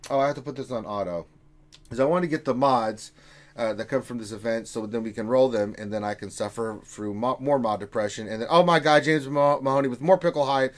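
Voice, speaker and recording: A man's voice: mid-range voice, a little fast. A man hosting a casual gaming livestream, reading out viewer messages with jokey asides. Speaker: stream host reading chat.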